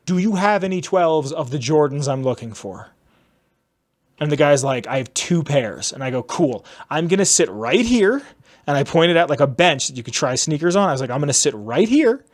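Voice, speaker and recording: A young man hosting a podcast, telling a long story in a rambling, casual way and acting out the people he quotes. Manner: rambling, acts out quotes in lowered voices. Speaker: podcast host.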